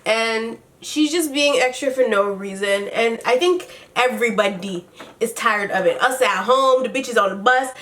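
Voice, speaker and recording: A woman's voice: a little high, moderate pace, fairly bright tone, slight background noise. A woman recapping a reality show episode in casual commentary, blunt and exasperated, swearing freely and retelling scenes in quoted dialogue.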